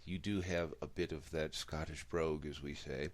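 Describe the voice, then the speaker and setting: Chatty low-voiced man hosting an interview. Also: fairly even intonation, moderate pace. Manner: chatty, rambling, self-correcting. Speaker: radio show host.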